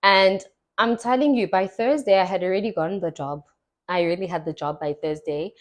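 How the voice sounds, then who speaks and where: A woman's voice: mid-range voice, brisk. A young woman, hosting a podcast and telling stories in casual chat, acting out the voices she quotes. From South Africa. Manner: chatty storytelling, acts out quoted voices. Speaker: podcast host.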